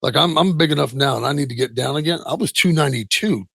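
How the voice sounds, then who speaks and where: Middle-aged man, interview guest, husky gravelly voice, dry close sound, halting candid delivery. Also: on the high side, no room sound. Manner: halting, many restarts and soft trailing asides. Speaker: interview guest, retired football player. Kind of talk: candid personal storytelling.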